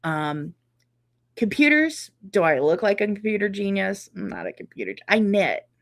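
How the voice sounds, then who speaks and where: A middle-aged woman hosting a casual live chat, reading viewer comments and reacting warmly and chattily. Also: mid-range voice, very animated, normal speed. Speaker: quilting channel host.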